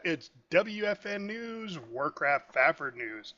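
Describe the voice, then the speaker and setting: Brief: animated male host, high and bright, joking between segments. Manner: animated, joking, quick to laugh. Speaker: podcast host. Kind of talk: casual podcast banter. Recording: dull lo-fi recording.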